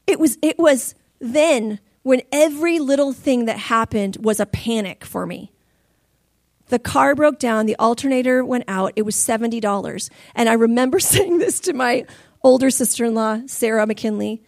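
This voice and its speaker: High-voiced woman telling a lively testimony. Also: normal speed, creaky, dry recording, clean studio sound. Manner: animated storytelling, laughing and crying through stories. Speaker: preacher. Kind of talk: sermon testimony.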